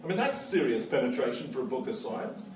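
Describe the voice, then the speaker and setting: A man's voice: medium pitch, fairly quick, background noise, lightly acted. A man playing a witty, enthusiastic Victorian naturalist, lecturing in character with a theatrical, joking delivery. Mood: lively. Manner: animated, theatrical, joking storyteller. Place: museum lecture hall. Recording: echoey hall, mic far off.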